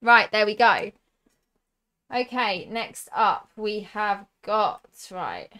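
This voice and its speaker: Young southern english woman streaming, bright clear voice, slow and chatty, reading out cards and chat. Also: medium pitch, expressive. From southern England. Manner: chatty, reads out cards and viewer comments. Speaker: streamer opening card packs.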